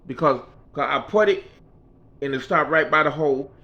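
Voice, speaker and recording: A man's voice: on the high side, moderate pace, pushed and bright. A man casually telling a personal story in a rambling, folksy way that often repeats itself. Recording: dull lo-fi recording.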